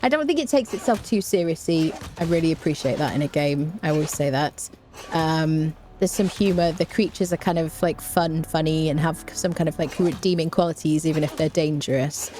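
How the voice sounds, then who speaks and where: A woman's voice: low voice, warm tone. A woman giving rambling, casual commentary while streaming a game, full of fillers and restarts.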